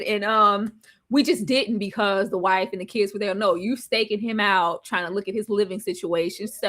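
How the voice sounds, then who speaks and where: A woman reviewing a TV show in casual recap chat, animated and laughing often as she acts out quotes. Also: mid-range voice, moderate pace.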